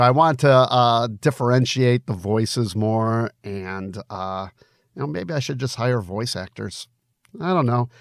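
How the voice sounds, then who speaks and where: A man narrates his own novel at an unhurried pace in a middle-pitched voice, then drifts into relaxed, hesitant commentary full of fillers. The recording is close and dry. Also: vocal fry, no room sound.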